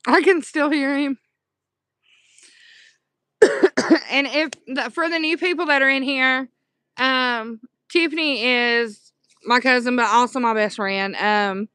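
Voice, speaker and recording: A Southern woman chats through a casual livestream, answering her viewers with pet names. Her voice sits a bit high and bright, smooth and clear, recorded close and dry. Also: slow, pauses often, no room sound. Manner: chatty, affectionate, reads and answers chat aloud. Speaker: livestream host. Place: dark room at home at night.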